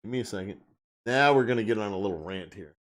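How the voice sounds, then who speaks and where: A man's voice: on the low side, fast talker. A man hosting a live stream, speaking bluntly and emphatically in a casual rant and often repeating himself.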